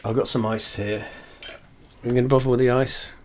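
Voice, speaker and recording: A man's voice: medium pitch, level tone, moderate pace. A man reviewing whiskey in a casual, rambling chat, self-deprecating and swearing offhandedly, sitting close to his camera at home. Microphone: camera very close to face.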